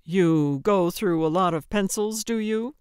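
A woman's voice: medium pitch, measured pace, a little mellow, clear, resonant tone, no room sound, lightly acted. A woman doing a grumpy older man. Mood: grumbling. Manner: grumbling, dry.

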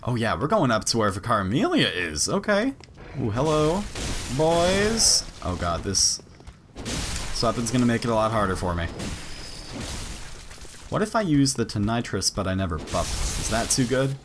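A young man giving casual, excitable commentary while playing a game, swearing and yelping during fights. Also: on the low side, moderate pace, long pauses, noisy background. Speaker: gaming let's-play host.

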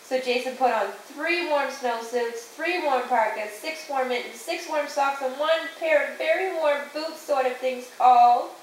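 Woman, higher voice, patient read-aloud storyteller; roomy echo, far from the mic, faint hiss. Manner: slow, patient storytelling with sound effects. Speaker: parent reading to a small child. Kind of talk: reading a picture book aloud. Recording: echoey room, distant mic, faint hiss.

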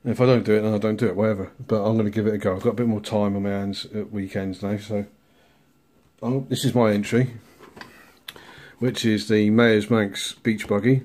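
A man hosting a casual model-building bench update, relaxed and rambling, chuckling at himself now and then. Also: lowish voice, a little fast. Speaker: scale model builder, channel host.

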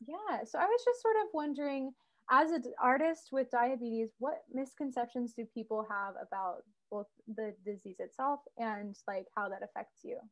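A woman's voice: fairly high pitch, moderate pace. A woman hosting a podcast, asking easygoing questions with brief interjections. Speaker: podcast host.

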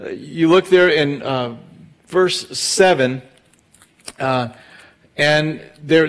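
A middle-aged man, a pastor teaching verse by verse through a Bible book in a relaxed storytelling way, with fillers and retold dialogue. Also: a little high.

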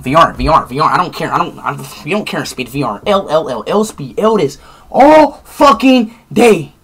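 A young man streaming live, ranting angrily at his chat with lots of swearing and sudden outbursts of shouting. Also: fairly high pitch, expressive, a little fast, slight background noise. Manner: angry profane ranting, bursts into shouting.

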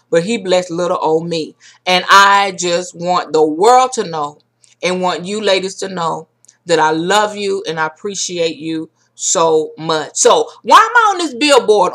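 A warm, effusive woman speaks as a ministry leader in a heartfelt video message. She says "y'all" often and breaks into preacher-like declarations. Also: mid-range voice. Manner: uses Southern-style "y'all".

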